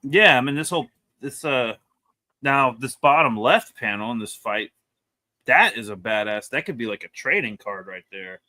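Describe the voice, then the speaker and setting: A man reviewing comic books in casual chat, animated and rambling, laughing often as he talks. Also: medium pitch, normal speed.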